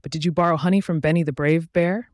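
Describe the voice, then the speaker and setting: An earnest, polite little boy bear cub from a bedtime storybook, pitched up a touch and eager to help, as a man reads him out. The sound is close and dry, with no room around it. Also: fairly even intonation, quick pace, dry recording, natural voice.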